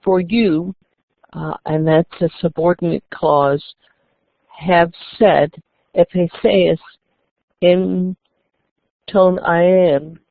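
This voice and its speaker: Bible teacher, woman, deliberate unhurried lecture, gravelly voice, tinny phone-like sound. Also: lowish voice, steady tone, no echo. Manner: deliberate, reading out and explaining Greek words. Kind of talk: scripture lecture.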